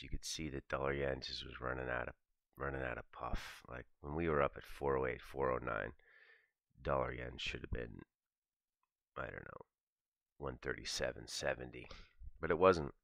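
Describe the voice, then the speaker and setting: A man's voice: moderate pace, a bit bright, no echo. A man giving a casual, profane morning talk on trading, thinking aloud as he walks through his trades. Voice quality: gravelly, very low voice. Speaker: trading commentator. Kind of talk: morning market commentary.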